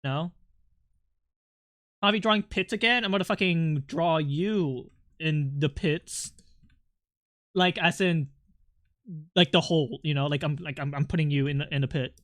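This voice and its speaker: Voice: mid-range voice, measured pace, long pauses, a bit bright, no room sound. A streamer who chats with viewers while drawing, rambling and joking, swearing a lot and laughing often. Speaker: art streamer chatting with viewers. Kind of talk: casual live-stream chat.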